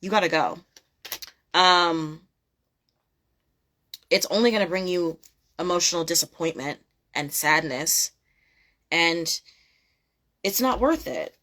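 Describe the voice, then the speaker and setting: A woman's voice: on the low side, animated, slow pace, long pauses, sharp tone. A young woman giving a casual tarot reading, blunt and profane, repeating her points emphatically. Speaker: tarot reader.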